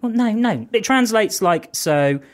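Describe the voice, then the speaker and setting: A man chatting eagerly on a podcast as the regular trends contributor, excitable and quick to laugh. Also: high-pitched. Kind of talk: casual comedic chat.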